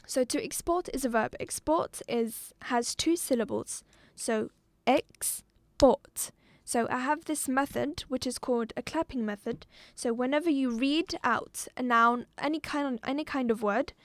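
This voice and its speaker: A woman teaching a live online exam-prep lesson, patient, repeating words slowly and clearly. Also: high voice, a bit bright, no room sound. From Algeria.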